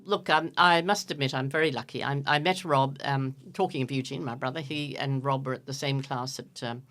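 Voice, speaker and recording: A woman's voice: extremely low pitch, fairly even intonation, brisk, fairly bright tone. An Irish-born woman in her seventies, a radio host being interviewed, chatting in a self-deprecating way with plenty of fillers in a radio studio. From Ireland. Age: 70s. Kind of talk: casual radio chat.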